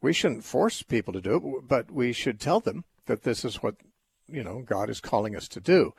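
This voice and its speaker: A middle-aged man hosting a call-in radio show, explaining Bible passages in a measured way with occasional restarts. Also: medium pitch, expressive, gravelly, slightly rough, no room sound. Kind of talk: call-in radio talk, teaching.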